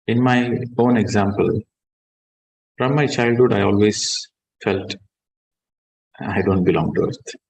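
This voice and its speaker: A man, a meditation teacher guiding a session and then giving a calm, measured spiritual talk that stresses key words. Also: lowish voice, gravelly, slight background noise, rough recording.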